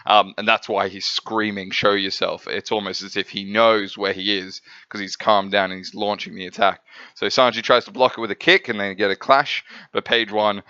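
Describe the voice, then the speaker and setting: Man reviewing comics, rambling, low and bright, dull dry recording. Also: smooth, no echo. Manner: rambling, filler-heavy, laughs at himself. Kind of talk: casual review chat.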